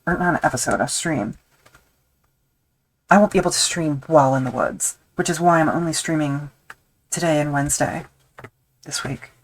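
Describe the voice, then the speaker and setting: A woman with a low voice talks loosely as she works on a leather project during a live stream. She thinks aloud, wanders off on tangents and makes light fun of herself. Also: normal speed, pauses often, slight background noise, rough recording. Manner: rambling, self-deprecating, thinks aloud with fillers. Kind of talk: casual chat while crafting on a live stream.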